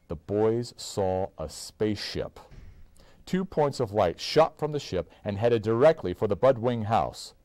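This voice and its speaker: Man, reading a children's storybook aloud, lively pitch, deeper voice, dry recording. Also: no echo. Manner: expressive, animated storytelling. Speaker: parent reading to his child. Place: indoors.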